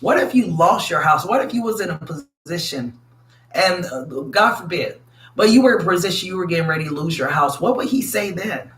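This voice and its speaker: Man, tarot reader, somewhat high voice, casual, blunt and profane, calls people sweetie. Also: expressive, brisk, a bit bright. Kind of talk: casual tarot reading to viewers.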